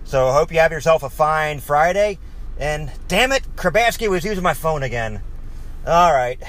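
A man's voice: a little high, expressive, moderate pace, fairly bright tone. Friendly man leaving a voice message. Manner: friendly, appreciative, casual. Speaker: caller. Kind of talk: casual voice message.

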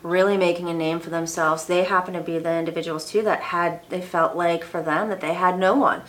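A woman co-hosting a podcast in casual chat, reflective and quick to affirm with "right". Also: lowish voice, steady tone, fairly bright tone. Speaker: podcast co-host.

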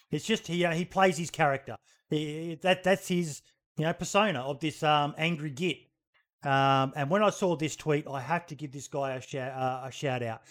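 A man's voice: a little high, fairly bright tone. A man hosting a casual livestream podcast, talking bluntly and swearing freely. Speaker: podcast host.

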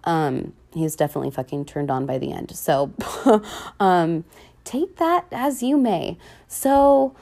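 A woman hosting a podcast, chatting casually and rambling about a film, swearing often and jumping between excited squeals and hushed whispers. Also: on the low side. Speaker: podcast host. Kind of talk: casual movie review chat.

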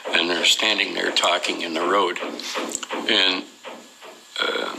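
A man's voice: low-pitched, steady tone, slow pace, gravelly, noisy background. A man telling his own experience in an unscripted, rambling way, hesitating often with "uh" and restarting his sentences. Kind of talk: unscripted personal storytelling.

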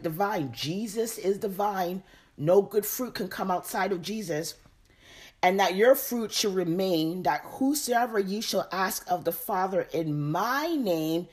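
Slow, low-pitched woman teaching scripture. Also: breathy edge. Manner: reads scripture then repeats and explains it. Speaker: Bible teacher. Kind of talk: slow verse-by-verse Bible study.

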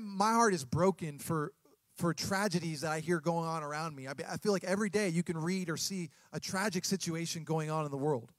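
A man in his thirties preaching a sermon as a pastor, earnest and halting, often restarting his sentences. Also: high voice, no echo.

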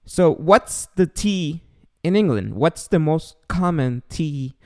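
A man's voice: a little high, animated, slow pace. A man hosting a podcast, asking curious questions and joking loosely, with the odd swear word. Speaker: podcast host. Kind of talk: casual podcast chat.

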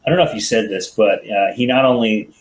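A man's voice: lowish voice, quick pace, background noise. A man in casual chat, chiming in to add details to a recap. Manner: animated, adds details.

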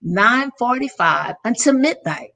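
A woman's voice: on the high side, lively intonation, measured pace, vocal fry, sharp tone. A middle-aged woman, an interview guest, telling a personal story in an earnest, emotional way with many restarts.

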